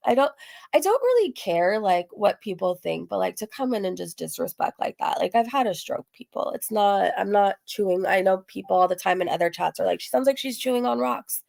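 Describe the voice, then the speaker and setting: A woman with a gravelly, hoarse-sounding voice, chatting casually on a livestream as she reads and answers viewer comments, rambling with lots of fillers. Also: mid-range voice, lively intonation, moderate pace, darkish tone. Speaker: livestream host. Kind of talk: casual live-stream chat reading comments.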